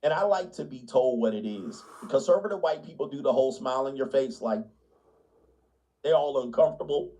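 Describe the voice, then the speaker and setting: A man's voice: mid-range voice, a little fast, dark tone, poor audio. A man ranting in a blunt, mocking way in casual chat, laughing often and sliding into put-on voices. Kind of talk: casual comedic rant. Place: small town, gated suburban home.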